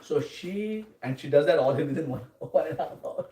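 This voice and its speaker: Male lecturer, mellow and fairly high voice, teaching a scripture class, recorded from a distance. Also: lively intonation, moderate pace. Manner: often checks in with the audience with "Huh?" and "Okay?". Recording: roomy, distant mic, faint noise.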